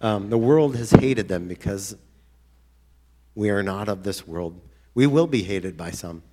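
A man preaching a sermon in an earnest, conversational way, now and then breaking into excited outbursts. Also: lowish voice, measured pace, heavy background noise.

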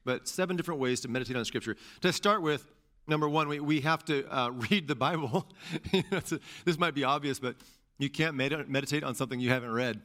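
A male pastor with a mid-range voice delivers a sermon briskly, animated and conversational. He repeats phrases for emphasis and drops in casual asides.

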